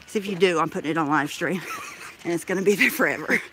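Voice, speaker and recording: Out of breath and walking through a crowded park, a woman chats on a live stream, swearing casually and laughing often. Her voice sits fairly low and moves at a quick pace, picked up by a handheld phone camera against a noisy background.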